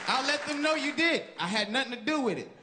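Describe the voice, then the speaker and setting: Stand-up comic, man, 30s, high lively voice, live club crowd roaring behind. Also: quick pace. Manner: animated, loud punchlines, bursts into shouted impressions. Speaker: stand-up comedian. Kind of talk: stand-up comedy set. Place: comedy club stage with live audience. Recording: live club recording with crowd laughter and noise.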